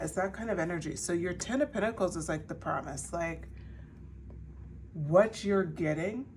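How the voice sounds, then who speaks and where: Chatty low-voiced woman reading tarot. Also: a little hiss or hum. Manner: chatty, full of "like" fillers and restarts. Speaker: tarot reader. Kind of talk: pick-a-card tarot reading.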